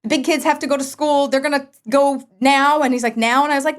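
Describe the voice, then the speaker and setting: High-pitched and quick, a podcast guest in her forties tells a story from her life in an animated way. She acts out what everyone said and laughs often.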